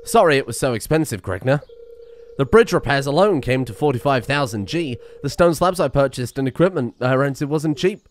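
A man's voice: medium pitch, expressive, moderate pace, slight background noise, lightly acted. A man reading as a chatty woman carpenter. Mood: friendly. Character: cheerful middle-aged woman carpenter. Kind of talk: voicing game dialogue aloud.

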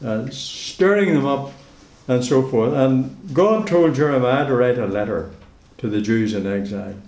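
Measured male preacher in an echoey hall. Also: mid-range voice, darkish tone. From Northern Ireland. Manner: measured, repeats key phrases for emphasis. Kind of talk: sermon. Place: church hall.

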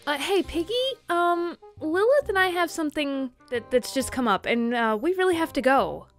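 A woman's voice: high-pitched, lively intonation, normal speed, soft background music. A woman voicing the storyteller's fed-up young self, hesitant at times and irritated when she speaks out. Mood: awkward. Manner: hesitant, then firm and irritated.

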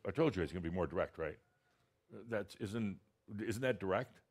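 A man's voice: sits low, animated, moderate pace. A man channeling a spiritual teacher, talking to an audience in a blunt, direct, teasing way with many restarts.

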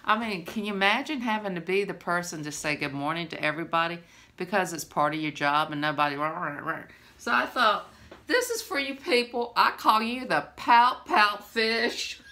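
Bright-voiced rambling woman. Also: mid-range voice, lively intonation, normal speed. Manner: rambling, chatty, laughs often. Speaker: vlogger. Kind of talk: casual chat to camera.

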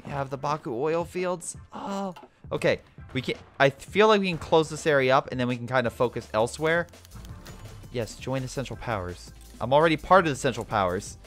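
A young man with a medium-pitched voice gives brisk, casual let's-play commentary on a strategy game over soft background music. Excitable and sarcastic, he chats directly to the game as he plays.

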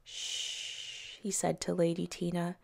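A woman educator reading picture books aloud for young children at story time, slow and expressive, with soft voices for the characters. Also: lowish voice, creaky. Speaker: early years educator.

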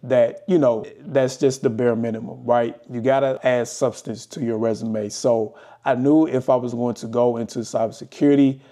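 A man's voice: medium pitch, normal speed, few pauses. A young adult man talking casually to camera and walking through his study experience with plenty of fillers. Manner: relaxed, conversational, many fillers. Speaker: vlogger. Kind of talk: casual talking-head explainer.

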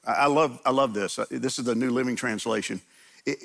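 A middle-aged man, a pastor, preaching a conversational sermon in a church, telling stories in a lively way and acting out quotes. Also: mid-range voice, fairly quick, vocal fry. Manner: animated storytelling, acts out quotes. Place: church sanctuary.

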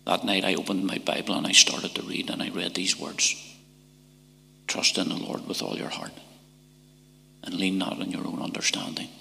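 Deep gravelly northern irish guy, middle-aged, church testimony, flat level tone, long echo from the hall. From Northern Ireland. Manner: halting and emotional, with repeated words and whispered passages. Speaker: testimony speaker.

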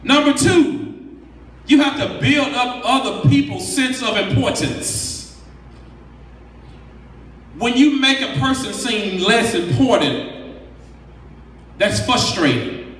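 Man, high bright voice, motivational workshop speaker, emphatic and preachy, distant mic in a reverberant hall. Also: animated, slow, long pauses. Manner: preachy, emphatic, counts off numbered points. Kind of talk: motivational talk. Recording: echoey hall from far off.

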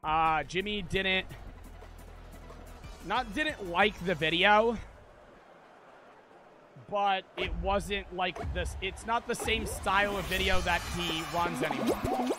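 A young man streaming a game, chatting in a slangy, excitable way and swearing often. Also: high voice, slow pace, pauses often. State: out of breath. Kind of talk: casual gaming commentary. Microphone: headset. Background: game music.

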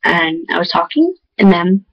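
Excitable rambling teenage girl vlogger. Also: normal speed, vocal fry, breathy edge, lo-fi sound. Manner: excitable, rambling storytelling with big pitch jumps. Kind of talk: casual vlog chat.

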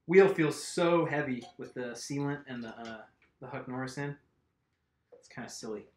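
A man's voice: mid-range voice, measured pace, pauses often. A man hosting a casual live stream, chatting and laughing with viewers while he works on a bike tire. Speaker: mountain bike video host. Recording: echoey room.

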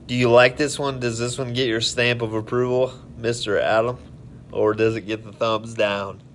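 A man's voice: medium pitch, flat delivery, moderate pace, slight background noise. A man hosting a casual live stream, rambling in a friendly, tipsy way as he tells stories and greets viewers.

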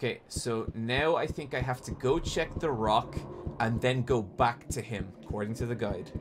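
A man's voice: medium pitch, moderate pace, background noise. Exasperated swearing man commentating a game. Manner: exasperated, swears, rants in frustration. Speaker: gaming YouTuber. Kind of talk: casual game commentary to chat.

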